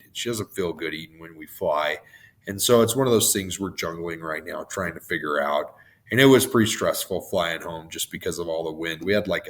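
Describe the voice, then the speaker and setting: Male podcast host with a hoarse, shot voice, lowish pitch, rambling and tangent-prone, self-mocking. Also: a bit bright. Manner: rambling, goes off on tangents, laughs at himself. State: hoarse, worn-out voice. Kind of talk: motivational podcast monologue.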